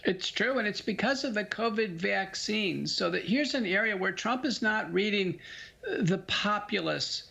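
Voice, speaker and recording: A man's voice: high voice, expressive, moderate pace, gravelly, bright, forceful tone. A man, a doctor appearing as a guest, speaking earnestly and emphatically over a dull remote feed. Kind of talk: interview commentary.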